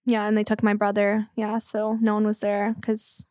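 A woman's voice: medium pitch, monotone, normal speed, darkish tone, dry recording, clean studio sound. A young woman telling a painful personal story in a podcast talk, tearful and rambling with many fillers. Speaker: guest.

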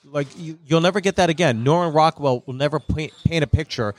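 Comedian guest chatting casually. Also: male voice, a little high, brisk. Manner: conversational, profane, restarts. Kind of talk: casual chat. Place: comedy club.

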